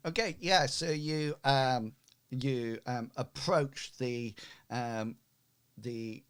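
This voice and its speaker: A man narrating a tabletop game as game master, unhurried and full of fillers. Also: medium pitch, clear, resonant tone.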